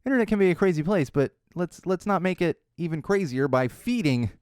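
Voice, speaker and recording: A man hosting his own podcast, talking solo in an animated, ranting way and mocking other people's voices. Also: high voice, a little fast, clean tone, no room sound, clean studio sound. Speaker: podcast host.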